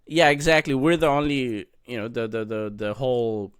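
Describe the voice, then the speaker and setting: A man co-hosting a casual political discussion podcast, halting and searching for words as he talks. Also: mid-range voice, fairly even intonation, clean tone, dry recording, studio quality. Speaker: podcast co-host.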